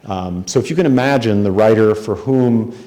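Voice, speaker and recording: A man from Spokane, Washington, USA, with a low, mellow voice tells stories at a moderate pace. He's an author giving an anecdotal talk in a hotel conference room, self-deprecating and conversational, with frequent ums and restarts.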